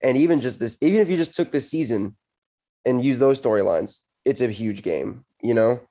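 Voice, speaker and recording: A hoarse man co-hosting a casual sports chat, excited and rambling. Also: medium pitch, moderate pace.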